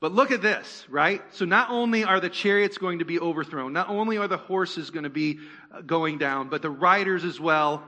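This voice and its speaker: A man's voice: fairly high pitch, moderate pace, bright, forceful tone. A man preaching a sermon as pastor of a church, conversational, asking the congregation rhetorical questions and slipping in joking asides.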